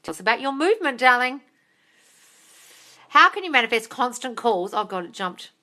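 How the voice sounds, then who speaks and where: A woman hosting a live Q&A, reading viewer comments aloud with excitable, gushing energy, swearing casually and calling viewers darling. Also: a little high, moderate pace. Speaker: manifestation coach and live-stream host.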